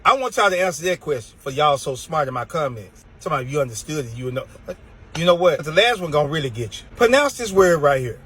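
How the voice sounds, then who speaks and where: A man delivers an exasperated comic rant with a husky, slightly raspy edge. His pitch sits a little high and swings widely as he drags words out for emphasis, in a loose drawl. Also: big pitch swings, fast, fairly bright tone, low-quality recording. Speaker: comedian. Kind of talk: comedic rant to camera.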